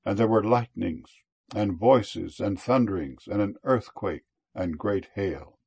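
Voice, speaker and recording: A man with a low, gravelly voice gives a solemn scripture reading. He phrases each line in a measured, deliberate way and slows down to lean on key words. His tone is somewhat husky. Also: dark tone. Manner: measured, deliberate phrasing with slow emphatic stresses.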